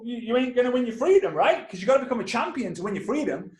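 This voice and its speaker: A man in his thirties gives an animated training talk, speaking straight to his listeners. His voice sits high, and it echoes in the room. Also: fast talker, few pauses. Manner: animated, addresses listeners directly. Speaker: network marketing trainer. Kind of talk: energetic storytelling talk.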